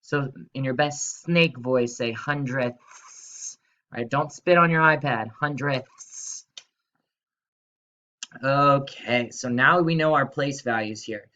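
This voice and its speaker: A man's voice: mid-range voice, normal speed, few pauses, bright, forceful tone. A male teacher giving a recorded math lesson, upbeat and coaxing, asking students to repeat after him.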